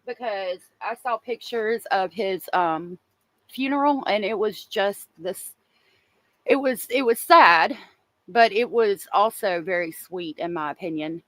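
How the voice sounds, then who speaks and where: Woman host, casual and emotional, speaks straight to her livestream chat at a medium pitch, recorded dry. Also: measured pace, no echo. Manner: chatty, emotional, talks to viewers in chat. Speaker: true crime livestream host.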